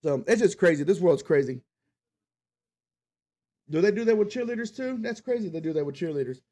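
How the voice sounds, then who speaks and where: A podcast host rants casually about sports fans while reading the live chat, swearing plenty. His high voice is expressive, brisk, and dark in tone.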